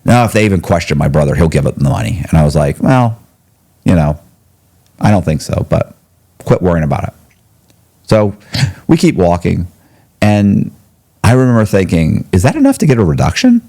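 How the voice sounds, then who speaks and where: Low, dark-voiced man telling a story. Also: moderate pace, gravelly, pauses often. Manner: animated, jumps to high pitch when quoting others. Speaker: podcast guest. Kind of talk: casual storytelling. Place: podcast studio.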